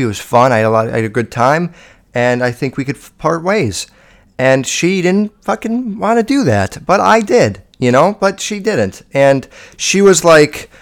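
Brief: young male podcaster, slightly high voice, swears constantly, loose and rambling. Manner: profane, rambling, lots of fillers. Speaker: podcast host. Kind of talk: casual podcast monologue.

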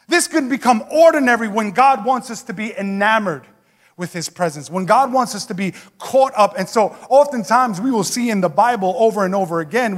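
A man preaching a sermon in a church, emphatic and conversational, with asides to the congregation. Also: high-pitched. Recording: long hall reverb.

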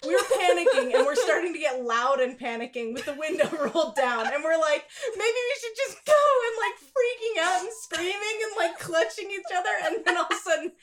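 A young woman co-hosting a podcast, telling a funny story in a casual, giggly, animated way. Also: high voice, brisk, few pauses. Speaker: podcast co-host.

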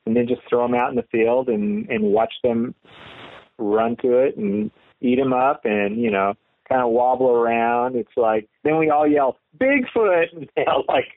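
A man at a middle pitch comes through a narrow, phone-like line that sounds dry and close. He jokes around as a podcast co-host and laughs through his own gags. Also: moderate pace, dry recording. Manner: jokey, laughing while telling gags. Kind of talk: casual joking chat. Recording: tinny phone-like remote line.

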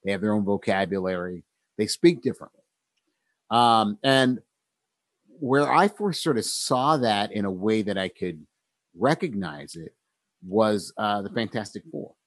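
A man in a relaxed conversation about writing, talking thoughtfully with frequent pauses, ums and easy laughter. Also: fairly low pitch, no echo.

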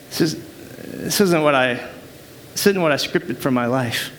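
A man's voice: fairly high pitch, slow, pauses often, a bit bright, slight background noise. A man preaching a sermon to his church, emphatic, calling out to the congregation for responses. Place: church service.

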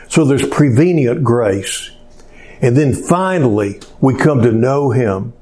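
A man preaching a sermon in a slow, conversational way, pausing often with fillers. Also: medium pitch, mellow. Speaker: pastor.

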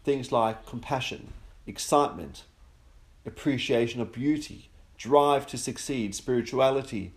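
A man hosting a podcast, giving a relaxed religious teaching that slows down on key words and builds through long lists. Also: mid-range voice. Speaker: podcast host teaching on the Sabbath.

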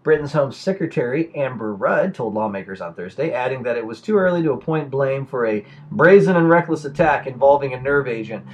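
A man's voice: mid-range voice, animated, a little fast, hardly any pauses, darkish tone. A man co-hosting a podcast, rambling and sardonic as he reads and mocks the news, often tripping over his words. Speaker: podcast co-host. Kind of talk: casual chat and news commentary.

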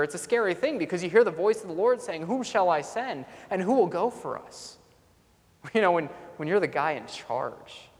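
A man preaching a sermon as a pastor, telling a story earnestly and coming back to a repeated refrain. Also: fairly high pitch. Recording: long reverb in a large hall.

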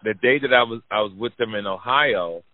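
A man spins a profane story for his listeners, leaning on repetition and punchlines. His voice sits low, and the sound is dry and squeezed down like a phone line. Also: brisk, no room sound. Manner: animated, profane, repeats for emphasis. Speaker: podcast host telling a story. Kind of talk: casual storytelling to an audience.

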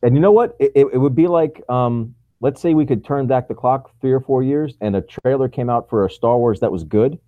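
A man's voice: mid-range voice, a little fast, hardly any pauses, dry recording, phone-quality sound. A man co-hosting a podcast in casual chat, talking with opinion and laughing often. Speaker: podcast co-host.

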